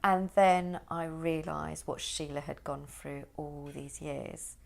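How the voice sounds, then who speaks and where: A woman's voice: low-pitched, slow pace, creaky, slight background noise. Woman vividly retelling a personal story. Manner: animated storyteller who acts out the people in her story. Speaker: podcast guest. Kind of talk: personal conversation.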